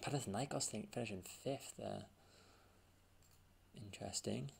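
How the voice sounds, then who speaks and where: A man's voice: lowish voice, fairly even intonation, moderate pace, vocal fry. A man giving casual gameplay commentary, thinking aloud and muttering as he reads results off the screen. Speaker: gaming channel host.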